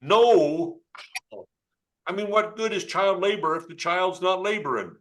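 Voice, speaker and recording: A man's voice: high-pitched, unhurried, fairly bright tone. A man, a geologist, giving a joking, informal live demonstration of an electron microscope over a video call and chatting with a child. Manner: playful, joking, talks to a child.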